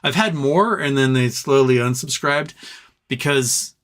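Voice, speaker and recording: A man hosts a charity livestream in a casual chat style, reading comments from viewers. His voice sits in a middle pitch with a bright, forceful edge. He sounds teary and moved. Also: measured pace. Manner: emotional, tearful while thanking viewers; talks fondly to his pet between comments. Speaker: livestream host.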